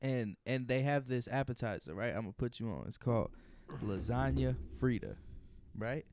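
A young man from Indiana co-hosting a podcast, joking loudly in profane, casual banter. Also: mid-range voice, normal speed, background noise. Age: young adult. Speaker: podcast co-host. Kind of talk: casual chat.

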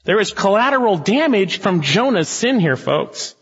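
A man's voice: high-pitched, big pitch swings, normal speed, a bit bright, slightly rough, lo-fi sound. Emphatic preaching man in a hall. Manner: emphatic, dramatic preaching that acts out scenes. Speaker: pastor. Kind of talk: expository sermon.

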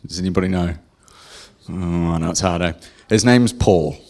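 Low-voiced New male preacher, casual joking sermon, asks the crowd questions. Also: normal speed, darkish tone. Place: church hall with congregation.

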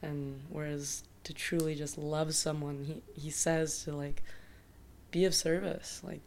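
A woman's voice: deep voice, level tone, unhurried, creaky, a little mellow. A woman in her thirties sharing thoughts reflectively in a casual conversation. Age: 30s. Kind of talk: casual chat.

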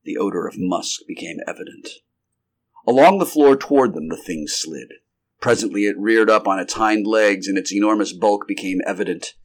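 An amateur audiobook narrator with a lowish voice reads a 1930s science fiction story at a moderate pace. It's an unrehearsed live reading, and he occasionally restarts sentences partway through.

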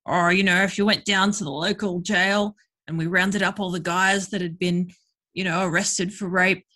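Woman doing a lecturing male safety speaker, broad accent, slightly husky. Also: lowish voice, flat delivery, normal speed, bright, forceful tone. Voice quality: broad put-on Australian accent.

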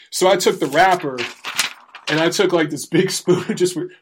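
A man's voice: high-pitched, normal speed, a little hiss or hum. A man telling crude job stories in a casual, profane way, often laughing through the punchlines. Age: adult, former Marine. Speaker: storyteller. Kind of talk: casual storytelling.

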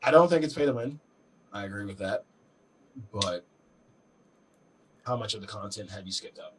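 A man's voice: on the low side, animated, moderate pace, fairly bright tone, husky, distant mic, low-quality recording. A man co-hosting a casual gaming podcast, blunt and exasperated, swearing freely. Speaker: podcast co-host.

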